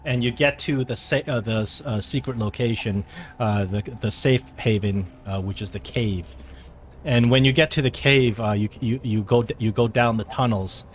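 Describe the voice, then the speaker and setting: A man narrating as game master of a tabletop game, halting with many restarts and fillers. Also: mid-range voice, a little hiss or hum.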